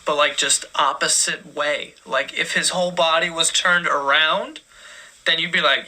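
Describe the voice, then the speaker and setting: A man's voice: sits high, lively intonation, normal speed, sharp tone. A young man giving crude, profane, sarcastic commentary that roasts people for laughs. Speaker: comedy commentator. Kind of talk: mocking comedic commentary.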